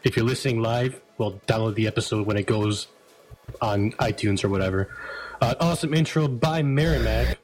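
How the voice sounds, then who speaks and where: A man hosting a casual group podcast, easygoing and quick to laugh as he introduces the guests. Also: on the low side, a little mellow, soft background music, rough recording. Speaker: podcast host.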